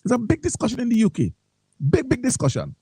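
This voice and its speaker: A man's voice: very high-pitched, wildly swooping pitch, quick pace, mellow, breathy edge, no room sound, poor audio. A man with a Vincentian accent hosting a morning talk radio show, reading posts aloud and commenting with frequent repeated words.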